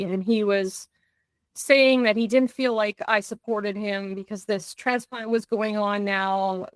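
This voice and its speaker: A woman's voice: mid-range voice, dry recording. A middle-aged woman telling a personal story as a podcast guest, with earnest recounting that keeps slipping into quoted dialogue. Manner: restarts and fillers when tense.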